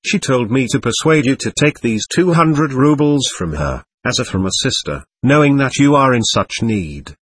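Guy doing a sincere pleading young man, lively tone, a bit husky. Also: mid-range voice, normal speed, few pauses, no room sound. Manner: earnest, pleading. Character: earnest, gentle young man pleading kindly.

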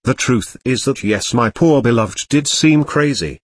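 Un homme lit un récit à la première personne, d'un ton simple et régulier. Sa voix est légèrement voilée, un peu rauque. La prise de son est sèche et proche, sans écho. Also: male voice, medium pitch, animated, unhurried, breathy edge, no echo, studio quality. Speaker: narrator. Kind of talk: first-person storybook reading.

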